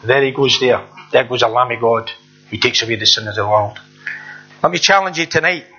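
A man's voice: mid-range voice, brisk, pushed and bright, slightly rough, faint music behind. A man preaching a sermon in an earnest, conversational way, repeating himself and asking the listeners rhetorical questions. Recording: dull lo-fi recording.

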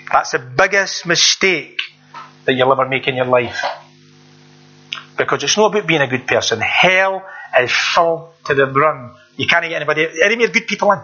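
Brief: earnest male preacher, high and bright voice, plain repetitive delivery, dull lo-fi recording. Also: lively intonation, normal speed. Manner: earnest, repetitive, conversational preaching with rhetorical questions. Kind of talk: sermon.

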